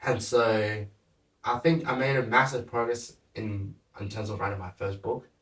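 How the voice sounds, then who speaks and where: A man's voice: fairly low pitch, fairly even intonation, normal speed, a bit bright. Laid-back young man, echoey room. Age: young adult. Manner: laid-back, laughs often, lots of "like". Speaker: podcast guest. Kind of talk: casual chat. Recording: echoey room, mic at a distance.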